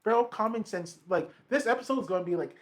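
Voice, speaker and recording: Man, high voice, casual podcast chat, animated storytelling, slangy. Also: fast talker. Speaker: podcast co-host.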